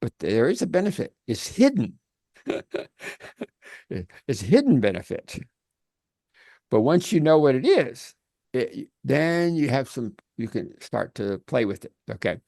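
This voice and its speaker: A male life coach talking over a video call, his pitch swinging lively up and down as he tells a story. He often restarts his sentences and checks in with an "okay?". The sound is dry and close, with no room echo. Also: unhurried, creaky, pauses often. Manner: animated storytelling with frequent restarts.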